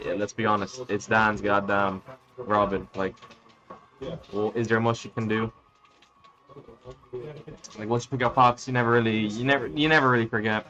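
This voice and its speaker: A man's voice: medium pitch, a bit bright, muffled recording. A young man giving crude, joking, offhand live game commentary. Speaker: esports commentator.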